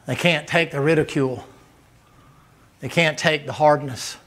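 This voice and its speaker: A man's voice: a little high, unhurried, fairly bright tone. A man preaching a sermon in a folksy, storytelling manner. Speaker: guest preacher.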